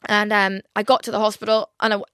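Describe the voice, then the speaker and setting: A woman's voice: mid-range voice, level tone, fast talker, pushed and bright, smooth, no echo. Rambling young woman, dry sound. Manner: rambling, lots of "like" fillers, frequent swearing. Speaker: podcast host. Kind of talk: casual solo podcast chat.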